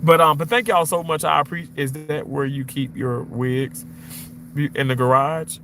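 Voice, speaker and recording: A man's voice: normal speed, slight background noise. A man hosting a casual livestream from a car, reading viewer comments aloud in a chatty, playful way. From Mississippi, US. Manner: chatty, playful, reads comments aloud, swings up high when excited. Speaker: livestream host reading chat.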